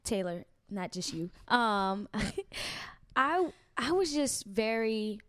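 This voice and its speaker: A woman's voice: medium pitch, big pitch swings, very slow, a bit bright, dry recording. A woman co-hosting a casual chat show, playful, laughing often and swearing casually. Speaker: podcast co-host.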